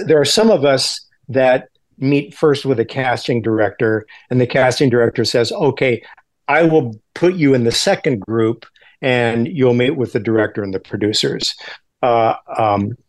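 A man being interviewed as a guest actor, talking in a halting way with many restarts and fillers. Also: mid-range voice. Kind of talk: casual interview chat.

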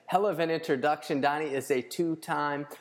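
A man's voice: on the high side, fairly even intonation, normal speed. A man hosting a podcast in casual chat, loose and profane with plenty of fillers. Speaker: podcast host.

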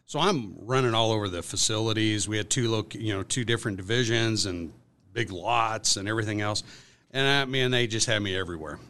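Bright-voiced man telling a story. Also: lowish voice, fairly quick. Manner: animated storyteller, acts out quotes, many fillers. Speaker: guest. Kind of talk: casual storytelling in a podcast interview.

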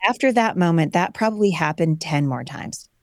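A woman in her forties tells a personal story as a guest, animated and acting out the voices of people she quotes. Her voice sits low for a woman. The sound is dry and close. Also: normal speed, no room sound. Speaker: guest, homeschooling mother.

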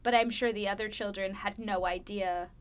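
A woman's voice: mid-range voice, fairly even intonation, moderate pace. A woman in her thirties, an actor guest on a podcast, chatting enthusiastically, laughing easily and imitating voices. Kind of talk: casual interview chat.

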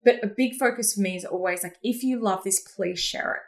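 Energetic woman with a Queensland accent. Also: mid-range voice, brisk. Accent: Queensland Australian. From Australia. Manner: energetic storyteller who laughs often. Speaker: podcast guest, business coach. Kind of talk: casual interview chat.

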